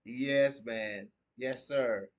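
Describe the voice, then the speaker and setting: A man's voice: mid-range voice, very slow. A man from the United States hosting a podcast live stream, chatting casually and reading viewer comments aloud. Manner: laid-back, reads viewer comments aloud and riffs on them. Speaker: podcast host.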